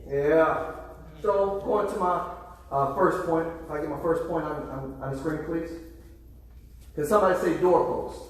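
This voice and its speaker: In an echoey church sanctuary, recorded far from the mic, a pastor with a higher-pitched voice preaches a little slowly. He often repeats words as he restarts and calls out to his congregation for responses.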